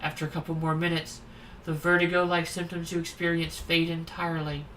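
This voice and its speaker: A streamer reads the narration of a horror dating game at a steady pace, mixing in wry, irreverent remarks. The voice is bright and clear. Faint background ambience stays under it throughout. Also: medium pitch, fairly quick, a little hiss or hum, rough recording. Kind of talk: playing a dating sim, reading narration and commenting.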